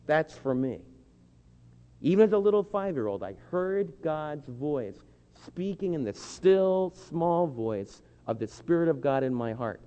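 A man preaching a sermon, earnest and pleading, slowing down to lean on key phrases. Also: on the high side, darkish tone. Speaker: pastor. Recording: dull lo-fi with long hall reverb.

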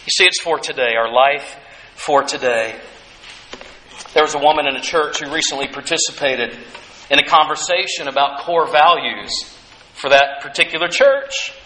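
Bright-voiced earnest male pastor. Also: on the high side, normal speed, a little hiss or hum, poor audio. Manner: earnest, repeats phrases softly for emphasis. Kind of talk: sermon.

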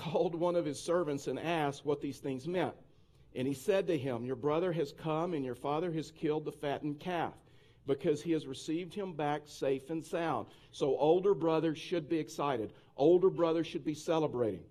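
Male pastor, mid-high voice, casual conversational sermon delivery with restarts. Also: darkish tone. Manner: conversational preaching with frequent restarts.

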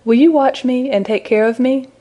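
A woman's voice: sits high, steady tone, moderate pace, dark tone, voice pushed up. Woman doing a sulky, frightened young man. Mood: pleading. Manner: sulky and scornful.

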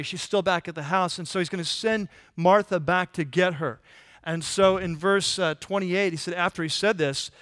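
High-voiced man preaching a sermon. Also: no room sound, studio quality. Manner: conversational preaching with rhetorical questions; drops to a soft, low voice in tender moments. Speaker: pastor.

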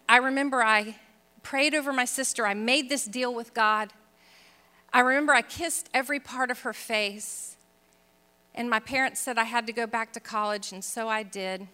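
A woman giving a personal testimony, telling her story earnestly and dropping to a soft hush at painful moments. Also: on the high side. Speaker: speaker sharing her testimony. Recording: long reverb of a large hall.

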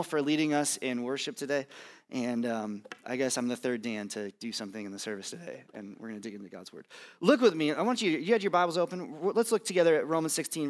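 Male pastor, sermon, fairly high voice, chatty and self-deprecating, pauses with ums. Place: church campus.

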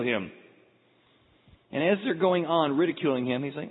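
Husky male pastor, acts out scenes mid-sermon, tinny phone-like sound. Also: a little high, moderate pace, pauses often. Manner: dramatic, swings from hushed to shouting. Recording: echoey hall over a tinny phone-like line.

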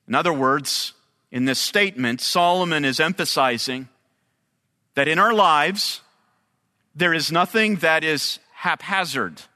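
A male preacher with a high, bright voice, teaching through a Bible passage in a measured, careful way. He speaks at an unhurried pace, and long reverb hangs on his words. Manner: measured teaching delivery, explaining Hebrew terms. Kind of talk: expository sermon.

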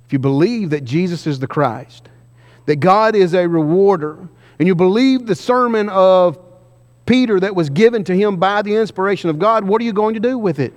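A man preaching a sermon, pressing the congregation with repeated questions and slowing down for emphasis. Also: high voice, expressive. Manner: emphatic, questioning the congregation, varying pace widely. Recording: long hall reverb.

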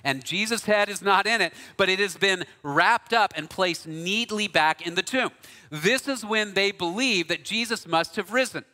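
A man preaching a sermon as pastor, telling the story in an earnest and animated way. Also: sits high, moderate pace, long reverb tail. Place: church auditorium.

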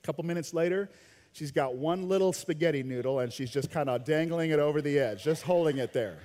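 A man's voice: on the high side, brisk. A man preaching a sermon as a pastor, telling family stories with acted-out quotes and frequent laughter. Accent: Midwestern American. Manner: animated storytelling, acting out quoted lines, laughs often. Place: church auditorium. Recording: long hall reverb.

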